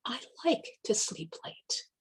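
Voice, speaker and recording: A woman's voice: slow pace, close to an everyday voice. Woman voicing a laid-back barn cat. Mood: friendly. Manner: relaxed, friendly. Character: easygoing male barn cat, sleepy.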